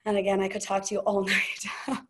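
A woman's voice: medium pitch, completely flat delivery, fairly quick. A woman hosting a casual team call, telling stories and quoting people in a chatty, gushing way. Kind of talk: casual storytelling chat.

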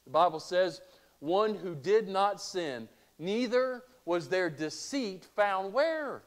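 A man's voice: high voice, expressive, slow. A male pastor preaching a sermon, asking rhetorical questions and reading scripture aloud.

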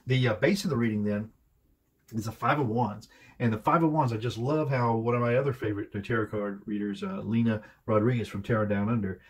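Husky low-voiced man reading tarot cards. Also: a little fast. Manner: rambling, hesitant, many fillers. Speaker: tarot reader. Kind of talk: casual tarot reading video.

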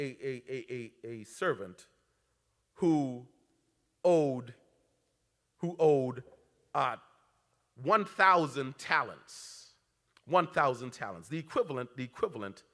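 A man preaching a sermon as pastor, his voice swinging between loud, pointed lines and hushed, intimate ones. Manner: preaching with dramatic swings in pitch and loudness. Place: church sanctuary. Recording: long church reverb.

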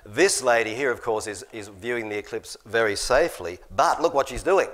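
A man's voice: medium pitch, expressive, moderate pace, fairly bright tone, slight background noise. A middle-aged man giving an informal, chatty sermon talk over slides, often restarting phrases and chuckling at his own jokes.

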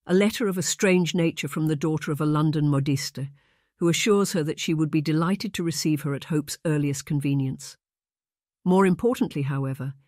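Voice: medium pitch, a little mellow, no room sound, studio quality, natural voice. A narrator voicing a scolding, near-hysterical middle-aged mother in a period audiobook. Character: indignant middle-aged mother, shrill and theatrical. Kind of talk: audiobook character voice.

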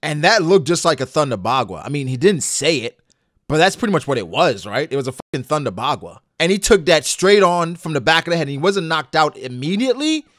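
Excitable, lively man reacting to anime. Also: on the high side, a little fast, dry recording, studio quality. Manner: excitable, profane, bursts into shouts. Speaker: anime reaction channel host. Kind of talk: live reaction commentary.

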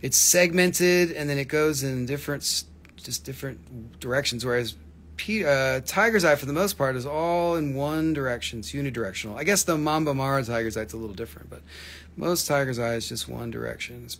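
A man's voice: mid-range voice, fairly quick. A man hosting a live rock and mineral sale, chatting casually and easily as he shows stones. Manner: relaxed, chatty, easygoing. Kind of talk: casual live-stream selling.

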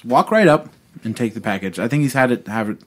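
Male co-host, loose rambling storyteller, swears a lot, mid-pitched. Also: expressive, fast talker. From Illinois. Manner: rambling storyteller, swears often, many fillers. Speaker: podcast co-host. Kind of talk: casual chat.

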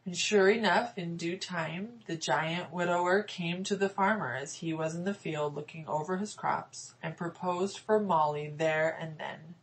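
A woman reads a fairy tale aloud as an audiobook narrator, in a measured, storytelling way. Her voice sits somewhat low. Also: poor audio. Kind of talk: scripted narration.

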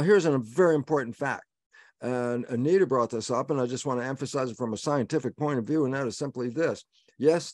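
A man's voice: medium pitch, dry recording. Emphatic man lecturing in a dry voice. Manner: emphatic, lecturing, asks and answers his own questions. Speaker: guest speaker. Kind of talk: webinar talk.

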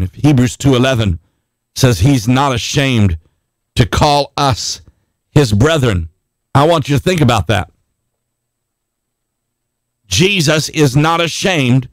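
A man preaching as a late-night radio pastor, fired up and exclamatory, with chatty asides and laughs between points. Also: no echo. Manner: fired-up, exclamatory preaching with sudden pitch leaps. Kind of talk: late-night broadcast sermon.

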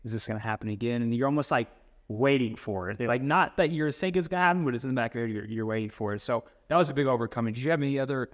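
A man telling a story in a relaxed interview. He talks casually and swears now and then. When he acts out what people said, his voice jumps up in pitch. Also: racing. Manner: animated storyteller, acts out quotes. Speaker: personal trainer.

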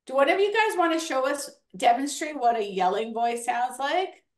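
A high-pitched woman leads a kids' workshop in an encouraging, animated way. Her voice carries a roomy echo. She keeps the children engaged with quick praise. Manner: encouraging, animated, counts kids in. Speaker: workshop host. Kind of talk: lively classroom-style teaching.

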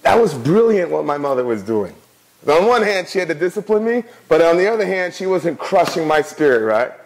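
A middle-aged man delivers a sermon as pastor. His voice sits high, and he preaches in an easy, conversational manner, often turning to the congregation with quick asides. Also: expressive, a little hiss or hum, rough recording.

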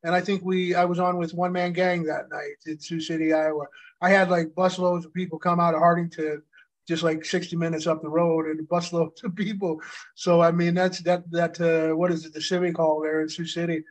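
Flat-toned man in his fifties reminiscing. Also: on the high side, fairly quick, rough recording. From United States. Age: 50s. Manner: rambling, filler-heavy reminiscing. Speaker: co-host, former pro wrestler. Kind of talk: casual chat.

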